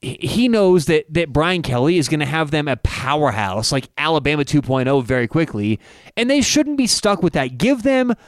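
A man co-hosting a sports podcast in casual chat, animated and opinionated, his voice jumping up when he gets fired up. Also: a little high, normal speed, no echo.

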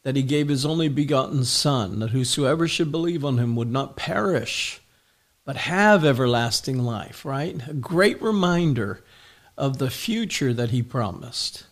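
An older man, a pastor, preaching a sermon with slow, emphatic declarations and frequent "uh" pauses. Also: medium pitch, lively intonation.

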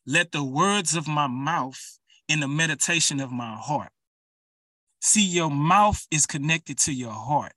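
A man's voice: on the high side, measured pace, sharp tone, no room sound, recorded from a distance. A man preaching an urgent, emphatic sermon, speaking straight to his listeners.

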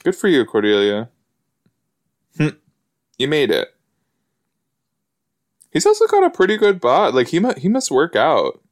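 A man giving casual, excitable commentary while watching an episode, chatty and full of fillers and gasps. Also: a little high, unhurried, long pauses. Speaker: podcast host reacting to an episode.

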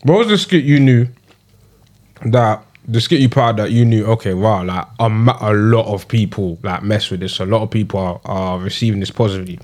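A man's voice: lowish voice, fairly quick, darkish tone. A young man hosting a podcast, with a playful hype-man intro and slangy casual questions. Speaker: podcast host. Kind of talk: casual chat.

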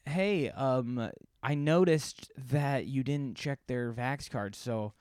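A man's voice: medium pitch, slow, a little mellow, clean tone, no room sound, clean studio sound, close to an everyday voice. A man mimicking a brusque, officious female health inspector.

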